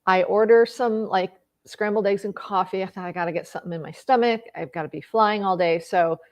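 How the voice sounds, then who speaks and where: A woman's voice: mid-range voice, fairly quick. A middle-aged woman speaking on personal growth, telling an emotional personal story in an earnest voice, with many fillers and restarts. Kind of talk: reflective storytelling monologue.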